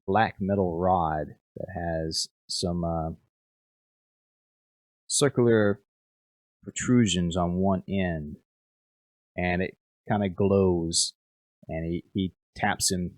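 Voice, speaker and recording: A man's voice: deep voice, dry recording. A young man narrating as game master, rambling with lots of fillers and repeated words.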